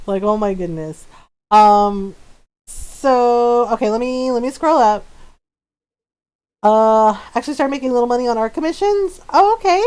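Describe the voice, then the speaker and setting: A woman's voice: fairly high pitch, lively intonation, unhurried, darkish tone. A woman streaming a game, chatting casually with viewers, telling stories and laughing often. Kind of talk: casual gaming stream chat.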